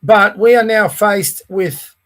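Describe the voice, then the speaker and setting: Aussie co-host guy, high voice, rambles on with strong opinions. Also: slow, a bit bright. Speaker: podcast co-host. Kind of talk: casual podcast chat.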